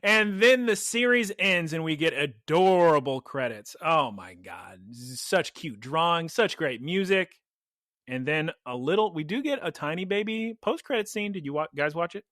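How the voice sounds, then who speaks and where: A man hosting a podcast, retelling an episode in a lively, animated way in casual chat. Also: fairly high pitch, moderate pace, dry recording, clean studio sound. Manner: animated storytelling, voices quotes. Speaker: podcast host recapping an episode.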